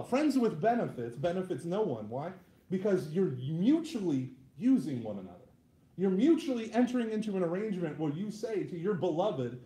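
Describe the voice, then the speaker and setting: A man with a high, lively voice gives a joking talk to a live audience, tossing in quick asides and "right?" checks. His tone is mellow, and the room rings with echo. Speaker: Catholic speaker.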